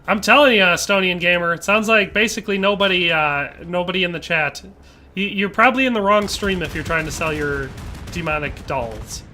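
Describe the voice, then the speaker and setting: Casual man streaming, bright sharp voice, goofy rambling chat, a bit of hiss. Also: high-pitched, brisk. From Wisconsin, USA. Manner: rambling, joking, reads chat aloud. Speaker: game streamer. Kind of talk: casual live-stream chat while gaming.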